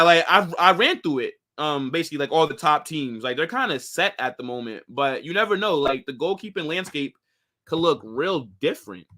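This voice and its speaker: The host of this football channel, a young American man, sounds on the high side, bright and forceful. He keeps his live stream casual, working through viewer comments in slang heavy on "bro" and "like."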